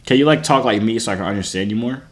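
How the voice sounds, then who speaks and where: A man on a phone video chat, pranking strangers with deadpan, mock-nerdy insults. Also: on the low side, rapid-fire.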